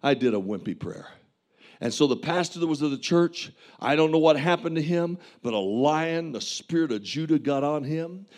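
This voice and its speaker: A man's voice: fairly high pitch, lively intonation, moderate pace, darkish tone. A man preaching a sermon as a pastor, telling a vivid testimony with earnest, impassioned preaching.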